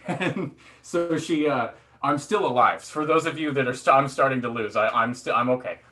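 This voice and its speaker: A man's voice: medium pitch, normal speed, pushed and bright. A man doing stand-up comedy, telling a rambling, self-deprecating story full of fillers, restarts and acted-out quotes. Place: theatre stage before a laughing audience.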